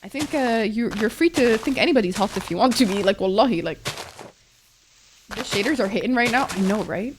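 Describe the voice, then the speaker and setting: A woman's voice: fairly high pitch, lively intonation, fairly quick, noisy background. A woman live-streaming a game and chatting with viewers, gushing and teary, swearing freely as she thanks them. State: teary, crying. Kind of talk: casual live-stream chat. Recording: music playing behind. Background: background music.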